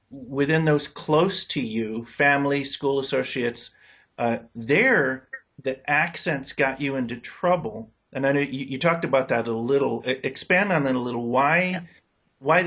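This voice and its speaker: A man hosts a relaxed interview, drifting through his questions in a curious, meandering way. His voice sits at a middling pitch. The recording is muffled and lo-fi. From United States. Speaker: interview host. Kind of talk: casual interview chat. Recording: dull lo-fi recording.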